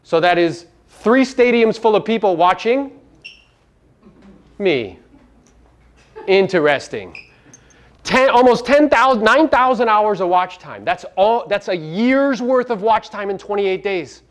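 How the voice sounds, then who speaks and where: A middle-aged man who owns a real estate business gives a brash, profane seminar talk for the media, firing rhetorical questions at the audience. His voice is high with lively intonation, and he speaks a little slowly, leaving long pauses.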